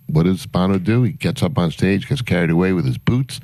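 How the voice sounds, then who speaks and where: A man's voice: deep voice, expressive, fairly quick, dark tone, no room sound. A man, a concert promoter guest on a morning radio show, telling rambling anecdotes with many fillers. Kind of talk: casual radio storytelling.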